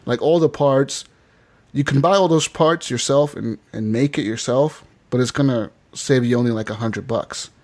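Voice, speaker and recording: A man's voice: medium pitch, moderate pace, a little mellow. Rambling, profane casual podcast guy. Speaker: podcast host. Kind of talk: casual chat. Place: podcast studio.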